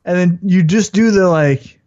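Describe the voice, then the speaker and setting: A man hosting a podcast in casual chat, telling stories in an animated way and acting out scenes. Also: high voice, measured pace, muffled recording. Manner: animated storytelling, acts out scenes. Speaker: podcast host.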